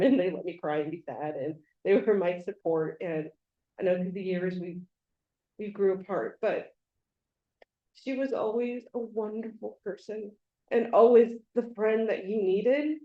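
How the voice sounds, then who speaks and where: A woman giving a eulogy for a friend in an event room, halting and full of fillers, with sudden bursts of excitement. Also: mid-range voice. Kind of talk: memorial speech. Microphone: handheld microphone. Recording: dull lo-fi venue audio.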